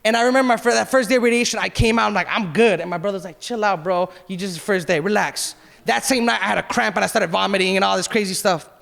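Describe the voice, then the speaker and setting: A man's voice: high voice, very fast, vocal fry, hardly any pauses, a bit bright. A man in his thirties, a pastor, giving an emotional personal testimony in a church sermon. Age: 30s. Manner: emotional, confessional, quotes himself and others.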